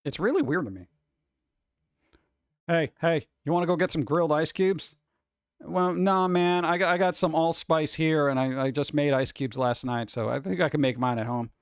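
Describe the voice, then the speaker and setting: A man's voice: a little high, moderate pace, clear, resonant tone, no echo, studio quality. Rambling, jokey man streaming. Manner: rambling, jokey, sarcastic asides. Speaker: livestream host. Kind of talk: casual livestream chat.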